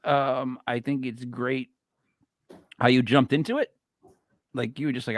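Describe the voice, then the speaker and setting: A man's voice: medium pitch, steady tone, a little slow, pauses often, no room sound. A man hosting a podcast in rambling, joking casual chat, stuffy and short of breath. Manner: rambling, joking, self-mocking. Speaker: podcast host.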